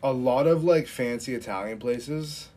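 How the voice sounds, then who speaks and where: A man's voice: medium pitch, a little slow, a little mellow. A young man co-hosting a podcast in casual chat, rambling with many fillers and joking. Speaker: podcast co-host.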